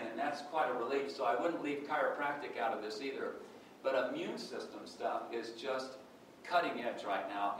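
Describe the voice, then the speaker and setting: A man's voice: medium pitch, a bit bright, slight background noise. A man giving a personal testimony to a workshop audience, telling his story conversationally and acting out the dialogue. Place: workshop room. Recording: echoey room from far off.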